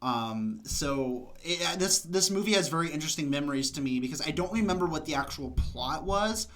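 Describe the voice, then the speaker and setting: A man's voice: on the high side, lively intonation, fairly quick, fairly bright tone. A man co-hosting a casual podcast chat, rambling through tangents and dropping "like" constantly. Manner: rambling, full of "like" fillers and tangents. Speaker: podcast co-host.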